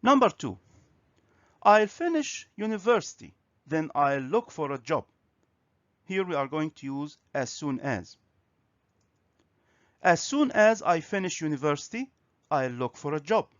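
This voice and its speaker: A man teaching a grammar and pronunciation lesson on video, speaking slowly and clearly. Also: fairly high pitch, very animated, fairly bright tone, no echo. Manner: slow, clear, instructive. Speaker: English teacher. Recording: dry, slightly dull recording.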